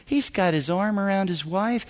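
A man, a senior pastor, giving a teaching talk to church leaders and telling stories with lively acted-out dialogue. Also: sits high, normal speed. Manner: animated storyteller, acts out dialogue, chuckles often.

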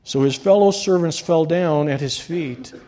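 A man preaching a sermon, swinging between loud, rising reading and quiet, dropped endings. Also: fairly high pitch, a little slow, a little hiss or hum. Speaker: pastor.

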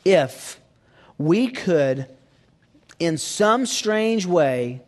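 Dramatic male preacher, higher voice. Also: big pitch swings, very slow. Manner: dramatic swings from soft near-whispers to loud emphatic peaks; asks the audience rhetorical questions. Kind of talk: sermon.

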